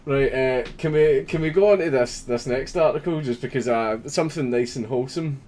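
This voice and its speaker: A man's voice: mid-range voice, a little fast, darkish tone. Foul-mouthed man on a livestream. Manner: swears constantly, laughs often, mock-reads comments. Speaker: livestream host. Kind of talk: casual livestream chat reading viewer messages.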